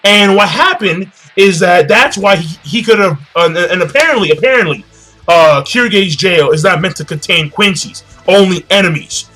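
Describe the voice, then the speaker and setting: A young man in a loose, rambling recap, cursing freely and often doubling back on his words. His voice is high and bright, with a sharp edge. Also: expressive, moderate pace, soft background music. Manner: rambling, profane, repeats himself. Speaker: manga reviewer. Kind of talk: casual chapter recap.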